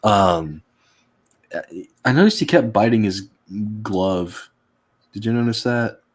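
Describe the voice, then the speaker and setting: A man's voice: fairly low pitch, normal speed. A man co-hosting a podcast, chatting casually and retelling moments with rambling restarts. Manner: rambling, restarts often, animated when retelling. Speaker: podcast co-host. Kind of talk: casual chat.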